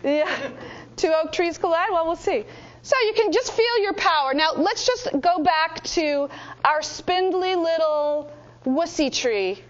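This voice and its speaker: A high-pitched woman runs a lively speaking workshop, calling out instructions and acting out exercises for the group. Her voice comes through a slightly dull, lo-fi recording of the room. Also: unhurried. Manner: energetic, coaching, demonstrates with exaggerated voices.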